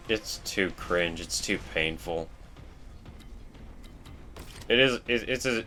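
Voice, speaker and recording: A man's voice: low-pitched, fairly bright tone. A man rambling in casual, self-deprecating commentary while he plays a video game. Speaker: let's play host.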